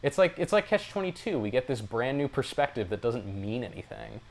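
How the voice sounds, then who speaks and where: Male podcast co-host, wry and rambling, very animated pitch. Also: a little fast, creaky, crowd noise. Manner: rambling, lots of fillers, wry. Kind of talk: casual chat reviewing a TV series.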